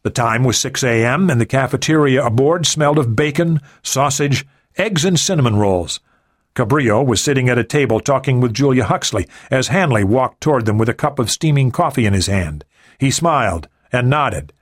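A man narrating a thriller audiobook in an expressive storytelling style. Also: medium pitch, normal speed, no room sound, studio quality. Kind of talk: scripted narration.

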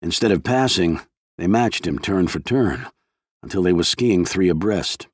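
A man reading a thriller as an audiobook narrator, in a measured, steady way. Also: deep voice, slightly rough, dry recording, clean studio sound.

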